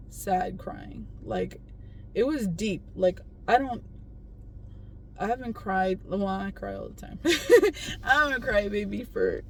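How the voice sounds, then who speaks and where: A woman's voice: mid-range voice, vocal fry, darkish tone. Woman vlogger, casual chat, emotional and rambling, faint background noise. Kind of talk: casual personal vlog.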